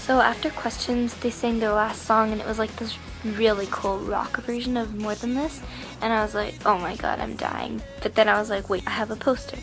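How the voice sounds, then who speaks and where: A young woman telling an excited, rambling story to the camera, full of "like" and acted-out quotes of herself. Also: fairly high pitch, fairly quick, over music. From Canada. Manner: gushing, filler-heavy, quoting herself. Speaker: vlogger.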